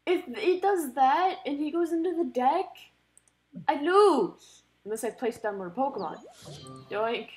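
A woman giving casual commentary while playing a card game, excitable, talking to the cards and groaning or cheering at each turn. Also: high-pitched, unhurried. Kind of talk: casual let's-play commentary.

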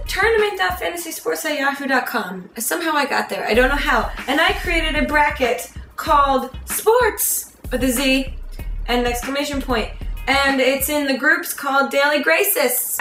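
A woman's voice: sits high, fairly bright tone, echoey room. A woman vlogger from near Philadelphia, chatting casually with playful, sarcastic asides. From United States, near Philadelphia. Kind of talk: casual jokey vlog.

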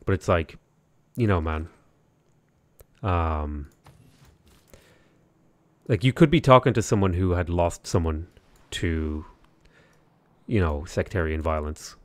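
A man's voice: deep voice, takes it slowly, pauses often, no room sound. A man with an Irish accent, chatting loosely while streaming a strategy game and reading viewer comments, full of "like" fillers and restarts. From Ireland. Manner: rambling, many "like" fillers and restarts. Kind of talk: casual livestream commentary.

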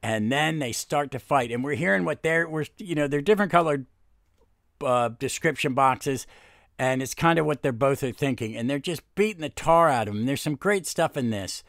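A man's voice: medium pitch, animated, normal speed, creaky, a bit bright, dry recording, studio quality. A man hosting a comic book podcast, chatting casually and rambling with many fillers and restarts. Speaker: podcast host.

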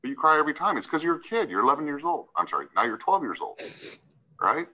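A man's voice: on the high side, sing-song, fast, bright, forceful tone, poor audio. A man serving as a judge, sternly lecturing a defendant in a courtroom hearing and often tagging his points with "right?".

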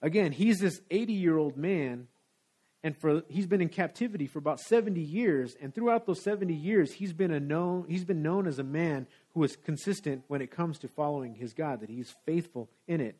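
A man's voice: on the high side, moderate pace, dark tone, breathy edge. A man preaching a sermon in a church, talking in a conversational, casual way. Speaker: pastor. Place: church sanctuary.

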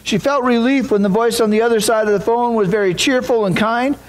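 A man as pastor, giving an earnest, unhurried sermon with a story and a prayer. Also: very high voice, low-quality recording.

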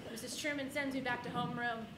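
A woman tells a comic personal story on stage, animated and quick to land punchlines. Her voice sits high, and it rings through an echoey room over constant background noise. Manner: comic, animated, with audience laughter between lines. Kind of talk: live personal storytelling performance. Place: stage before a live audience.

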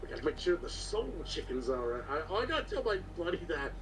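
A man joking quickly in casual banter with friends. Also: fairly high pitch, sing-song, distant mic, noisy background. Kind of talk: casual chat.

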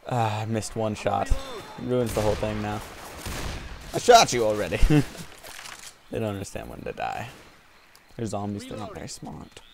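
A man's voice: lowish voice, lively intonation, moderate pace, creaky, long pauses, noisy background. A man giving casual let's-play commentary while gaming, joking and trash-talking as he plays. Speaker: gameplay commentator. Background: game music and gunfire.

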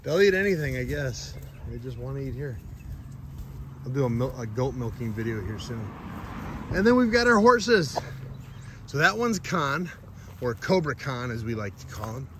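A man walking around his farm and new food truck, chatting excitedly and then muttering quietly to himself. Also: medium pitch, normal speed, long pauses, slight background noise. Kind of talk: casual walk-around vlog. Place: outdoors on a farm with animals.

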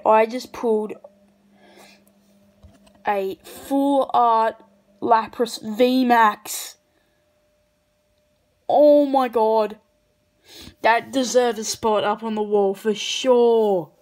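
A woman opening trading card packs on camera in casual commentary, breaking into excited shrieks over good pulls. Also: on the high side, takes it slowly, low-quality recording.

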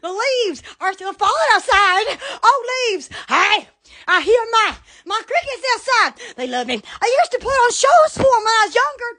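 A woman hosting a rambling live stream, giddy and laughing constantly, breaking into sudden shouts and squeals. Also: extremely high pitch, big pitch swings, normal speed.

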